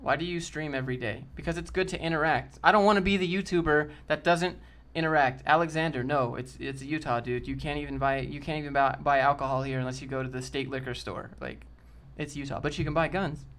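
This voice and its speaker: A man's voice: on the high side, steady tone, fast talker, few pauses, a bit bright, a little hiss or hum. A man in casual live-stream chat, answering chat in a blunt, joking, brash way. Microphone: desk mic with a sock over it.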